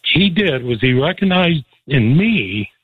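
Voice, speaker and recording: A man guest telling a personal story, halting and emotional at times. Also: fairly high pitch, sing-song, husky, no echo, narrow, tinny audio.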